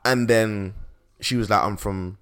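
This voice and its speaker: A young man chatting casually, animated and swearing freely. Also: on the low side, a little slow, clear, resonant tone. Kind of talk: casual podcast chat.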